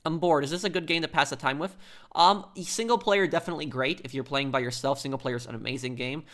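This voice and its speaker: A man's voice: on the high side, fast talker, a bit bright. A man who hosts a live stream from the United States, reading viewer comments aloud and answering them in a rambling, opinionated way while he plays.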